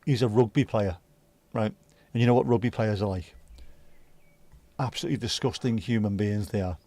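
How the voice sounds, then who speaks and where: A man's voice: lowish voice, moderate pace, dark tone. A man hosting a livestream, chatting casually and swearing freely while reacting to viewer comments. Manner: laid-back, sweary banter. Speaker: livestream host.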